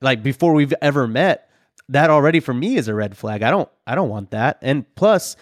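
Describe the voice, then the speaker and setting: A man's voice: mid-range voice, expressive, moderate pace, no room sound. Man with a dry, close voice. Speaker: host. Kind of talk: casual interview chat.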